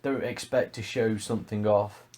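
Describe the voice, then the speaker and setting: Joking young co-host. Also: male voice, on the low side, fairly even intonation, normal speed, darkish tone. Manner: chiming in, agreeing, joking. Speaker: podcast co-host. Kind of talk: casual podcast chat.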